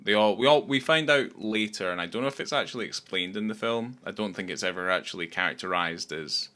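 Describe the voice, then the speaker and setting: A man's voice: fairly low pitch, fairly quick, pushed and bright. A man co-hosting a podcast, talking casually and rambling about a film, swearing often. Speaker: podcast co-host.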